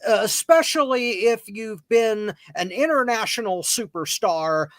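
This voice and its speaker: A man speaks slowly and deliberately as a podcast host, weighing each point. His voice is close and dry, with no room sound. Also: high-pitched, animated, no echo. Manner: slow, deliberate, careful. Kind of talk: measured commentary. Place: cigar lounge, live on location.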